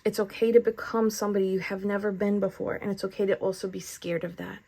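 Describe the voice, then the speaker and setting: A woman talks through a tarot reading in a relaxed, chatty way. She is earnest and effusive, with a spiritual warmth to how she frames things for her audience. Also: mid-range voice, quick pace, gravelly, breathy edge. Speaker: tarot reader. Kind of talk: casual spoken tarot reading.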